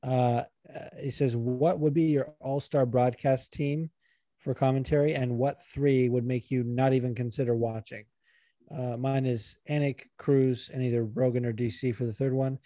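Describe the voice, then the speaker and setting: A man co-hosting a podcast, chatting casually in a rambling, profane, animated way. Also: medium pitch, moderate pace, dry recording. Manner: rambling, profane, animated, puts on regional accents. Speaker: podcast co-host. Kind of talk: casual chat.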